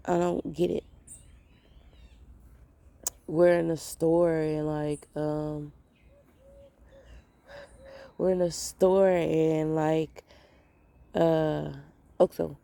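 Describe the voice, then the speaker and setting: Gravelly low-voiced woman telling a story. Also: level tone, drawn-out words, pauses often, warm tone, dry recording. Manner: rambling, repeats phrases, quotes people in voices. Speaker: mother of young kids. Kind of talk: casual storytelling vlog.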